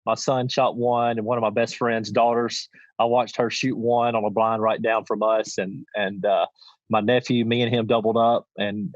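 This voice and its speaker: A man's voice: medium pitch, dry recording. A middle-aged man, telling a hunting story in a folksy, rambling way full of restarts. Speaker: podcast guest, champion goose caller. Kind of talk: casual storytelling. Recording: dull lo-fi dry sound.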